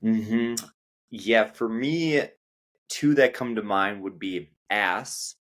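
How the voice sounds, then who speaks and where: Slow, deep-voiced American man. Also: a bit bright. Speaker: English teacher. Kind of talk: casual conversational lesson.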